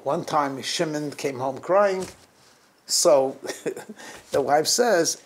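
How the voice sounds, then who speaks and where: Extremely slow with long pauses, a middle-aged rabbi with a fairly high voice shares holiday anecdotes with his congregation, chuckling mid-sentence and restarting phrases. Slight background noise is present.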